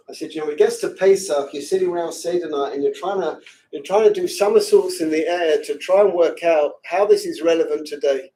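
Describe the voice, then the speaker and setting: Rabbi giving an emotional class, highish voice, mic a bit far off, goes quiet then shouts. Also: male voice, a little hiss or hum. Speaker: rabbi teaching a women's seminary class. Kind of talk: impassioned Torah lecture. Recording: distant from the mic.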